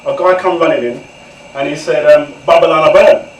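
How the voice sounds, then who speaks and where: A higher-voiced man in his forties shares his life story with a live audience in a candid, conversational way. He keeps turning to the listeners to draw them in. His voice reaches the mic from a distance, echoing off the walls of the room over faint background ambience. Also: normal speed, slight background noise. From England. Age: 40s. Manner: candid, conversational, often addresses the audience directly. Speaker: guest author speaker. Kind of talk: personal storytelling talk to an audience. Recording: echoey room, far from the mic.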